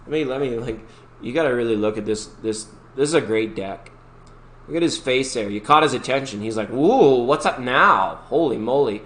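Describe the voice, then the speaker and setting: On his livestream, a tarot reader talks quickly in a mid-range voice, upbeat and chatty as he rambles to his viewers and slips into bits of song. There's an echo to the room and a faint hum of background noise.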